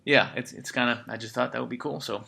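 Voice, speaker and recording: A man hosting a podcast, talking in a loose, energetic way and swearing freely as he chats. His voice is very bright and sharp, at a middling pitch for a man. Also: fast, vocal fry, a little hiss or hum. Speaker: podcast host. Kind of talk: casual podcast chat.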